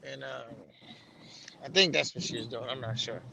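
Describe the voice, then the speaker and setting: A man's voice: mid-range voice, moderate pace, creaky, pushed and bright, a little hiss or hum. A man chatting casually on a livestream, cursing freely and talking in a loose, easygoing way. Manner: profane, relieved, talks loosely. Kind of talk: casual chat.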